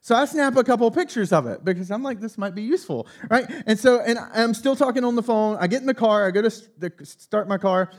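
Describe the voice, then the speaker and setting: A male pastor preaching a sermon, telling a personal story in an animated, self-mocking way. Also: extremely high pitch, fast talker, hardly any pauses.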